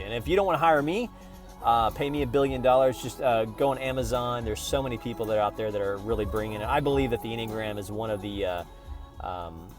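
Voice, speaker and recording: With a lowish, somewhat dark voice, this Oklahoma man chats informally to camera. His travel vlog is loose and playful, rambling along with plenty of false starts.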